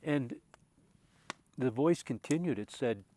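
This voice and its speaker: A man telling a reflective personal story, earnest and emotional, moving from loud passionate recollection to quiet hushed tones and often repeating words as he restarts. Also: mid-range voice, expressive, slow pace. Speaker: spiritual speaker.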